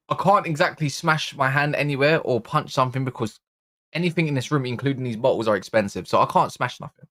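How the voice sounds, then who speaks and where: A man's voice: mid-range voice, a little fast, fairly bright tone, dry recording, clean studio sound. Exasperated slangy man. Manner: exasperated, slangy, swearing, rising to frantic outbursts. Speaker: football channel host. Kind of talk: live-streamed fan reaction. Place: indoor room.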